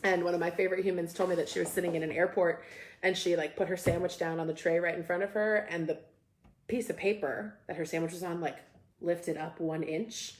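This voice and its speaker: A woman's voice: on the low side, steady tone, brisk, echoey room, slight background noise. A young woman hosting a casual live stream, reading viewer comments aloud and reacting with upbeat energy. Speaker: host.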